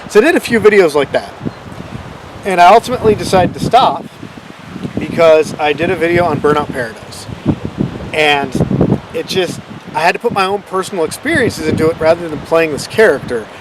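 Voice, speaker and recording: A man's voice: fairly high pitch, expressive, brisk, long pauses, background noise. A man hosting his own channel, rambling in a casual, self-deprecating way about how his videos came about. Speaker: channel host. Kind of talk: casual unscripted vlog rambling.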